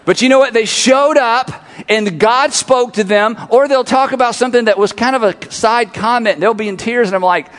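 A middle-aged male pastor with a notably high voice, preaching in an animated way and hammering his points home through repetition. His words ring out with a long reverb across a big church auditorium. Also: moderate pace. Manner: animated, repeats phrases for emphasis, leads congregation in call-and-response. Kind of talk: sermon.

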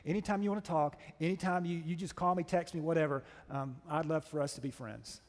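Man voicing relaxed friendly athlete, soft-spoken, high voice, long reverb. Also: a little fast, lightly acted.

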